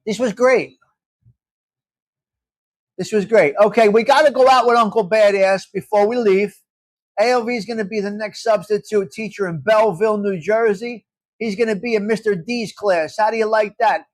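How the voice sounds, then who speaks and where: A man's voice: high-pitched, no room sound. A man hosting a live morning chat show, talking brashly with plenty of swearing. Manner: brash, profane, bursts of laughter. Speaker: host.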